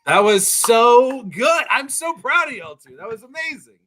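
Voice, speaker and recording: A man hosting a casual comedy show, loud and laughing, saying y'all. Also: very high voice, very animated, unhurried. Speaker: podcast host. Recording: music in background.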